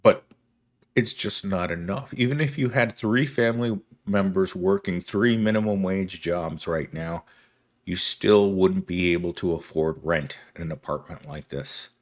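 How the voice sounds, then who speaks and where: A man's voice: sits low, unhurried. A young man giving a rambling, wry monologue commentary, correcting himself and laughing as he goes. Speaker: commentary host.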